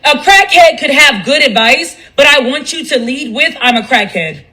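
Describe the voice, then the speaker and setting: Woman, blunt and profane live-stream ranter, bright tone. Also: sits high, moderate pace, low-quality recording. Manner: blunt, profane, animated, mimics others in quotes. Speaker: commentator speaking on a live stream. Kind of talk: candid monologue on a live stream.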